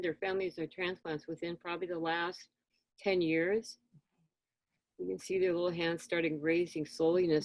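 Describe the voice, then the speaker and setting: Animated woman telling stories. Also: on the low side, dry recording. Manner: animated, acts out dialogue with children. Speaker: interview guest, spiritual teacher. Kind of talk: conversational storytelling.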